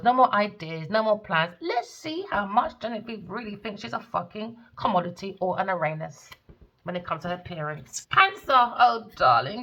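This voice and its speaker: A woman's voice: mid-range voice, a bit bright, highs cut off. A woman giving a tarot reading as a profane, scornful rant, swinging into mocking sing-song taunts. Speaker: tarot reader.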